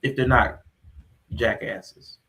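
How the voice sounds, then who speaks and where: A man's voice: on the low side, steady tone, takes it slowly, creaky, fairly bright tone. A man co-hosting a podcast, chatting in a laid-back, joking way. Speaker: podcast co-host. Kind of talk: casual chat.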